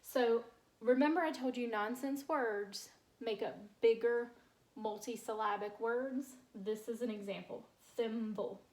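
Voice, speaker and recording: A woman teacher, slowly sounding out word parts in a phonics lesson for young children and praising them. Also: a little high, darkish tone. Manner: slow, clear sounding-out of word parts, encouraging.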